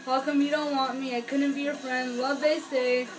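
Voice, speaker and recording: A woman's voice: high voice, flat delivery, normal speed. A young woman reviewing an album in a chatty, gushing vlog, with lots of fillers. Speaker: music vlogger reviewing an album. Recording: music playing under the voice. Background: song playing in background.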